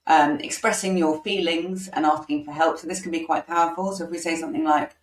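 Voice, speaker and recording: A woman's voice: low-pitched, fairly even intonation, fast. A woman coaching parents in a casual online workshop, talking conversationally with many ums and acting out example phrases to say to children. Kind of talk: informal online workshop teaching. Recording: roomy, distant from mic.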